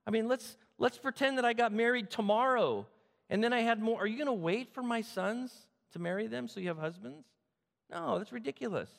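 A woman's voice: lowish voice, moderate pace, in a large hall, voice pushed up, natural voice. A man voicing a grieving, bitter older widow who pleads and insists. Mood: pleading.

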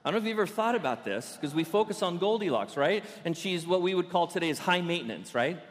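A man's voice: sits high, quick pace, a little hiss or hum. Playful preacher man in a reverberant church. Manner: playful, animated storytelling preacher. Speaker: pastor. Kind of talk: sermon. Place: church sanctuary.

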